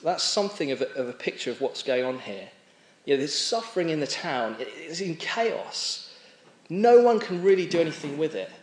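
A man's voice: on the high side, very animated. A man preaching a sermon in a conversational way, stopping and restarting as he explains a passage. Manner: conversational, with frequent restarts and pauses. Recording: echoey room.

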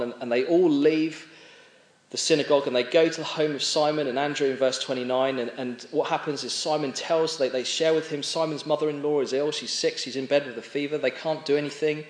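A man's voice: mid-range voice, fairly even intonation. Conversational male preacher in an echoey room. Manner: conversational, with frequent restarts and pauses. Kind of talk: sermon.

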